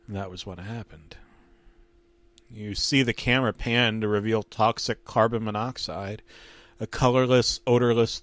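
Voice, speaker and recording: A man narrating a comedic creepypasta in a deadpan, mock-serious horror tone. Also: on the low side.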